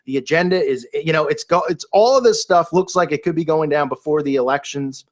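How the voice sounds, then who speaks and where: A man's voice: a little high, fairly quick. A man talking in a casual, unscripted monologue, rambling and incredulous, with many restarts and fillers. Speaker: video commentator.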